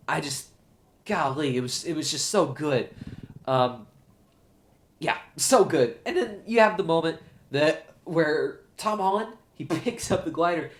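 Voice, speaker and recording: A man hosting his own show, giving an excited, gushing solo movie review. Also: a little high. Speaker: show host, film reviewer.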